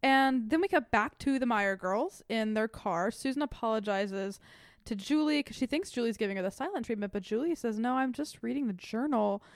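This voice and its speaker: Animated young woman recapping a show. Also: on the high side, normal speed, no room sound, studio quality. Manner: animated, swears freely, laughs often. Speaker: podcast co-host. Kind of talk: casual chat recapping a TV episode.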